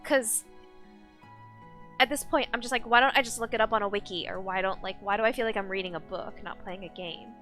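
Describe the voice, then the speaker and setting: A woman's voice: mid-range voice, fairly even intonation, brisk, a bit bright, faint music behind. A woman streamer chatting casually while playing a game, rambling with many fillers and restarts. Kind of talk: casual live-stream chat while gaming.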